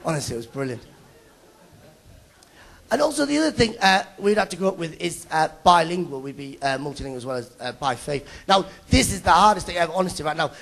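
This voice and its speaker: A man's voice: a little high, very animated, fast, vocal fry, fairly bright tone. A young man from Middlesbrough, doing a live stand-up set on stage and bantering teasingly with the audience. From Middlesbrough, England. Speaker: stand-up comedian. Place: stage at a live awards show.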